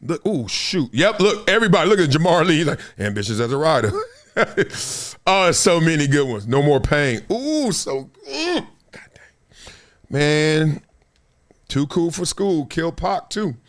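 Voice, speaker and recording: A man's voice: on the high side, unhurried. A man in his fifties hosting his own show, telling loose, slang-heavy stories and acting out the people in them. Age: 50s. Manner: animated, street slang, acts out quoted voices. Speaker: show host. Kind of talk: casual storytelling to camera.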